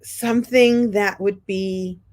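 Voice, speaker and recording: A woman in her fifties hosting her own show, telling a story in a casual monologue with warm, playful jumps in pitch. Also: steady tone, slow. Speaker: show host.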